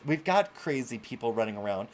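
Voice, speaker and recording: A man's voice: mid-range voice, expressive, a little fast. A male host ranting through live-streamed commentary, exasperated and swearing freely.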